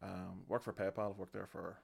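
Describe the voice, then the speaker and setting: A man's voice: sits low, little pitch movement, fairly quick, vocal fry, breathy edge. A man in his thirties with a South Armagh accent, a podcast guest chatting casually with dry, self-deprecating humour. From South Armagh, Northern Ireland.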